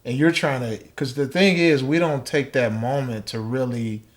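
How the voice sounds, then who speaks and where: A man's voice: medium pitch, moderate pace. A man as a podcast guest, talking thoughtfully in casual chat and acting out small exchanges. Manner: thoughtful, acts out little dialogues.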